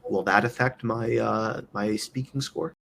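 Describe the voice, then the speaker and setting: Man moderator, low voice, gravelly fry, upbeat short questions, video call. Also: fairly even intonation, unhurried, a bit bright, a little hiss or hum. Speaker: webinar moderator. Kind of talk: reading out audience questions.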